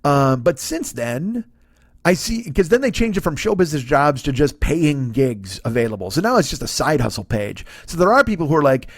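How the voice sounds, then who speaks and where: A man's voice: mid-range voice, very animated, brisk, no room sound, studio quality. A man in his forties, a comedian hosting his own podcast, ranting through a profane comedic monologue. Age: 40s. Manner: ranting, heavy swearing.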